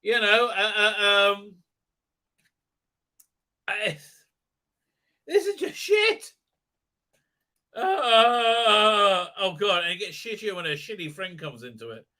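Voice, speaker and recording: A man's voice: sits high, sing-song, slow pace, pauses often, bright, forceful tone. A man ranting sarcastically in a show review, swearing often and full of fillers and restarts. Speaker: commentator.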